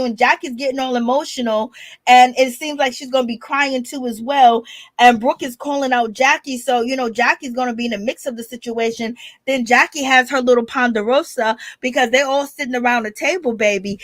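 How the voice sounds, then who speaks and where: A woman's voice: high-pitched, dry recording. A woman hosting a casual recap stream, talking to her viewers with lots of laughter and slang. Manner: animated, laughing, addresses viewers as y'all. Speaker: reality TV commentary host.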